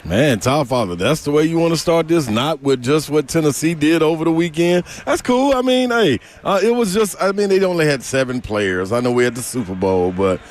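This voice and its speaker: A man's voice: fairly high pitch, expressive, a little fast, hardly any pauses, a little hiss or hum. A man co-hosting sports radio, trading jokes and banter with a guest. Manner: jokey, laughing banter. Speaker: radio co-host.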